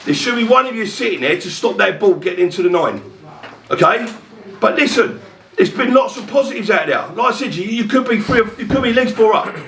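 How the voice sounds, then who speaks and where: A man's voice: high voice, lively intonation, brisk, vocal fry, fairly bright tone, recorded from a distance. A man giving a firm, swearing half-time team talk as a football manager. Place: dressing room. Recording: echoey dressing room from afar.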